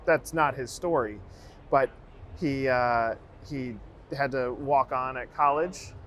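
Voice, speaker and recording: A man's voice: medium pitch, slow, a bit bright, slight background noise. A man hosting an interview podcast, agreeing with short replies and sharing a friend's story. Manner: agreeable, short prompts and asides. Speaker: podcast host. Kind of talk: casual interview talk.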